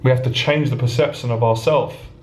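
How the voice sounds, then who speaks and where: A man's voice: mid-range voice, steady tone, brisk, a little mellow. A man coaching on social anxiety in an earnest, passionate monologue, acting out anxious thoughts. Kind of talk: motivational monologue to camera. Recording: roomy echo.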